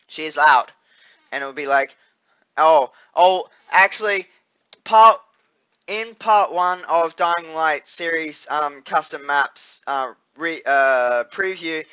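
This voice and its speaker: A man's voice: a little high, bright, forceful tone, lo-fi sound. A young Australian man chatting casually in a vlog, rambling with lots of fillers and restarts and swearing freely. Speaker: vlogger.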